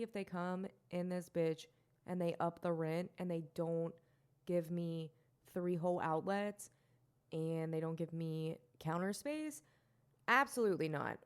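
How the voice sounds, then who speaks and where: Low-voiced rambling woman podcaster. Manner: rambling, self-mocking, swears, laughs often. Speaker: podcast host. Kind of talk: solo podcast rant.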